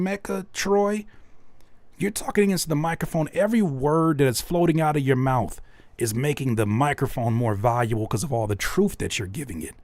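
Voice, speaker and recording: On a dry recording, a man whose voice runs a little high gives music feedback as a live-stream host. His critiques are blunt, emphatic and animated, mixed with jokes.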